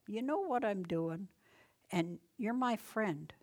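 Taking things slowly but with plenty of animation, this medium-pitched woman runs a relaxed Bible study. She booms out scripture with strong emphasis before dropping nearly to a whisper for side comments. The tone is folksy and conversational, full of rhetorical questions.

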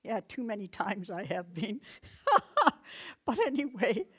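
A woman's voice: mid-range voice, expressive, measured pace, breathy edge. A middle-aged woman giving casual Bible teaching, telling personal stories in a chatty way, laughing often and raising her voice for commands. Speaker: Bible teacher and deliverance minister.

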